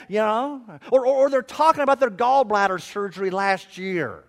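A middle-aged male pastor delivering a sermon with a notably high voice. His pitch leaps and dips constantly as he tells funny everyday stories, often stumbling into repeated words before he finds his point. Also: normal speed. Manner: animated, humorous storytelling with stammered restarts.

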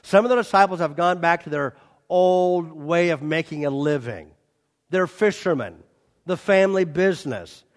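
A man preaches a sermon with a high voice, reading scripture in an even tone before swelling loudly on quoted lines and appeals to the listeners. The sound carries a long reverb from a large church hall. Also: normal speed. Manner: animated preaching, surging loud on quotes and appeals. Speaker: pastor.

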